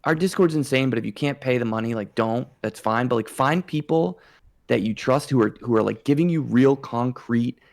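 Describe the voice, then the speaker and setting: Male co-host, gravelly, low, dry close mic, loose rambling chat. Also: moderate pace, dry recording. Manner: rambling, many fillers. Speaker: podcast co-host. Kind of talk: casual chat.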